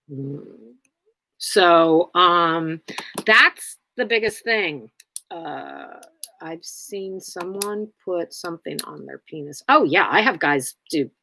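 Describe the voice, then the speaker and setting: Slow, bright-voiced woman streaming live. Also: sits low, lively intonation, a little hiss or hum. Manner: rambling, many fillers, blunt. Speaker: livestream host. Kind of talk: casual livestream chat answering viewers.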